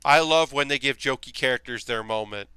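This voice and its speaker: A young man talks casually to his stream while he builds, rambling with plenty of ums and offhand swearing. His voice is bright and crisp. The sound is dry, with no room echo. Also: mid-range voice, fairly quick. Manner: rambling, enthusiastic, swears freely, many fillers.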